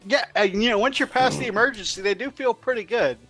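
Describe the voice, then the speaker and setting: A man's voice: extremely high pitch, fast talker, fairly bright tone, faint music behind. A man co-hosting a casual live hobby show, upbeat and encouraging, reading viewer comments aloud. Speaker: co-host. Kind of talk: casual podcast banter.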